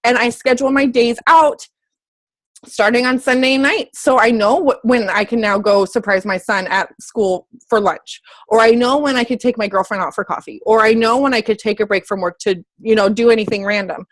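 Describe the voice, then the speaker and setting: A woman's voice: on the high side, normal speed, no room sound. A woman fitness coach giving her team a casual motivational talk, bubbly and chatty, often correcting herself mid-sentence. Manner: excitable, squeals when happy.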